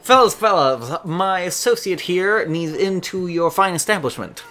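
A man's voice: high voice, lively intonation, sharp tone, voice pushed up, exaggerated voice. A man voicing a small, pointy-eared man in a top hat who talks big and runs off at the first sign of trouble. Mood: pompous. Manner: grandiose, fast-talking hustler.

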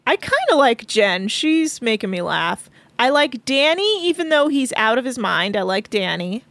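Woman podcast co-host, casual recap talk, fairly high voice, dry booth sound. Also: sing-song, normal speed, a bit bright, no room sound. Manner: chatty, laughs often, lots of "like".

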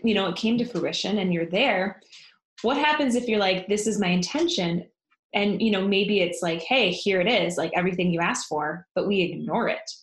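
A woman's voice: mid-range voice, reverberant. A woman hosting a casual conversation, asking chatty, engaged questions.

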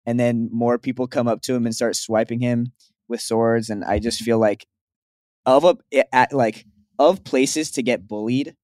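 A man's voice: mid-range voice, fairly even intonation, a little slow, darkish tone, no echo, studio quality. A young man co-hosting a podcast, teasing his friend and telling rambling stories. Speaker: podcast co-host. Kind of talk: casual chat.

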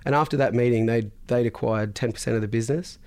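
A man's voice: mid-range voice, quick pace, darkish tone. A man, a podcast guest, telling a long business story in a loose, chatty way, swearing freely and laughing often. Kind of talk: casual storytelling.

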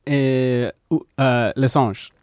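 A man's voice: medium pitch, steady tone, takes it slowly, a little mellow, dry recording, studio quality. A man co-hosting a podcast in casual chat, joking and laughing often. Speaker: podcast co-host.

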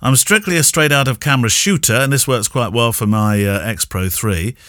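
A man's voice: medium pitch, moderate pace, bright, forceful tone, dry recording, studio quality. A man from Yorkshire with an English received pronunciation accent, co-hosting a casual podcast, chuckling often and reading out listener questions. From Yorkshire, England. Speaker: podcast co-host. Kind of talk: casual chat.

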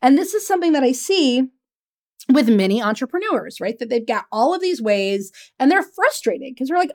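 High-voiced, chatty woman coach. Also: normal speed. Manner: animated, chatty, tags lines with "right?"; laughs often while talking. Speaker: business coach and podcast host. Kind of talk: casual storytelling monologue.

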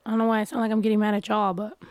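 A woman's voice: mid-range voice, flat delivery, very fast, a little mellow, no echo. A casual woman with a stuffy nose, chatting bluntly and often profanely while reading viewer comments. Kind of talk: casual chat.

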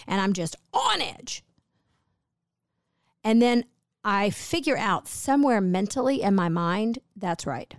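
A woman's voice: mid-range voice, very animated, slow pace, long pauses, no room sound, studio quality. Chatty woman telling stories. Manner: chatty, rambling storyteller. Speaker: co-host, host's wife. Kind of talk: casual chat.

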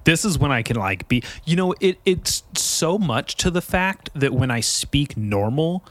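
A man's voice: fairly high pitch, very animated, measured pace, slight background noise. A man hosting his own podcast in casual chat, joking and mischievous, rambling as he talks. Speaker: podcast host.

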